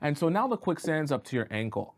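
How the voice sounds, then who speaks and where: Casual man coaching, higher voice. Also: sing-song, brisk. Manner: casual, acts out scenarios with asides like "right?" and "okay?". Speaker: dating coach. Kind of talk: advice monologue to camera.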